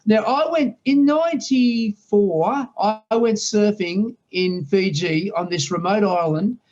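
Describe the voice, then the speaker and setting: A man's voice: sits high, unhurried, darkish tone, dull audio. A man in his late sixties with an Australian accent, a guest telling rambling stories in casual interview chat. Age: 60s. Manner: rambling storyteller, many restarts.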